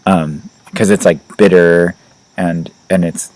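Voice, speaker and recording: Deep-voiced rambling male podcast host. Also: steady tone, takes it slowly, darkish tone, no room sound, rough recording. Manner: loose and rambling, heavy use of "like" and "you know"; laughs lightly between points. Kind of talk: casual chat.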